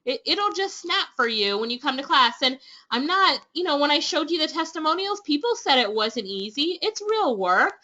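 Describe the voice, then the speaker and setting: A Jamaican woman runs an online class webinar with eager, persuasive energy. Her voice sits high and bright. The sound is dull and lo-fi, like a webinar stream. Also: sing-song, normal speed. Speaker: online business trainer hosting a webinar. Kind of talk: upbeat sales pitch to webinar attendees.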